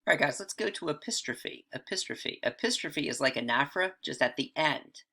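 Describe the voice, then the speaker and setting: A man's voice: fairly high pitch, expressive, fairly quick, vocal fry, pushed and bright. A man teaching writing in a casual video lesson, often checking in with "all right" and "right?".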